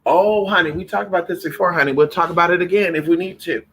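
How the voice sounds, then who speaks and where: Man, casual livestream chat, sharp bright tone, somewhat high voice, cusses freely, calls everyone honey. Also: fast, a little hiss or hum, rough recording. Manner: animated, profane, calls listeners honey and girl. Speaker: spiritual livestream host.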